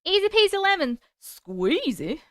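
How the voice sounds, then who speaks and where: A woman's voice: extremely high pitch, sing-song, a little slow, no echo, studio quality. A woman hosting a casual livestream chat, upbeat and chatty as she answers viewer comments. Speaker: livestream host.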